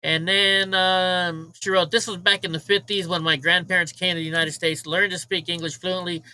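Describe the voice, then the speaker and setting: A man's voice: sits high, level tone, moderate pace, sharp tone, smooth, rough recording. A man hosting a casual livestream, ranting with profanity and mocking remarks while he talks to his chat. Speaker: livestream host.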